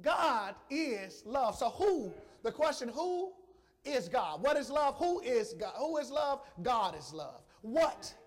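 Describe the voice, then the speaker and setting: Very high-pitched and swinging widely in pitch, this man's preaching voice is full of feeling. He leans on repetition and slow, deliberate emphasis while addressing the congregation head-on.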